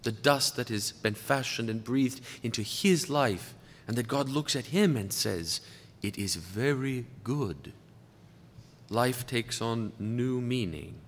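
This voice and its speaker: Give me a man delivering a deliberate sermon in a reverberant hall. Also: mid-range voice, slight background noise. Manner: deliberate, slowing down to stress key words. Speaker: priest speaking to clergy. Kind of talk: sermon-style lecture. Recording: long reverb of a large hall.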